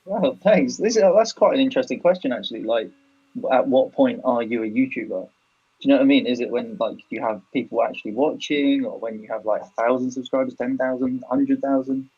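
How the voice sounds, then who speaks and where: A man's voice: medium pitch, fairly quick, slightly rough, dull audio. A young man from England with a British accent, a podcast guest telling his story in casual chat, hesitant and full of fillers. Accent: British English. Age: young adult.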